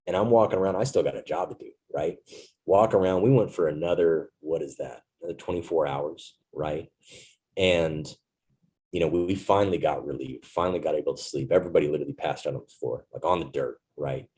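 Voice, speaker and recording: A man's voice: low voice, mellow, breathy edge, rough recording. A man, a Marine veteran recounting a story earnestly in an interview, often tagging lines with "right?". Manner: earnest, reflective, with frequent "right?" tags.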